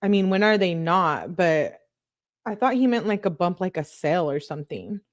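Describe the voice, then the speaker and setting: A woman's voice: lowish voice, expressive, moderate pace. A woman reading text messages aloud in a casual way, breaking off for asides and disgusted reactions. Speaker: true crime commentator.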